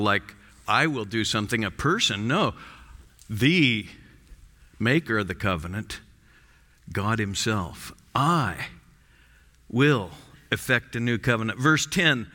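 Slow, emphatic preacher in a reverberant hall. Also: male voice, mid-range voice, lively intonation, pushed and bright. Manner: emphatic, rising and falling for stress, slow deliberate reading. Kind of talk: expository sermon.

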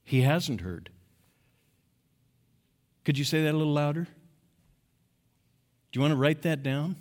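A man preaching a sermon as pastor, emphatic, moving between quiet, low passages and loud, rising exhortation. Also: expressive, takes it slowly. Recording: long hall reverb.

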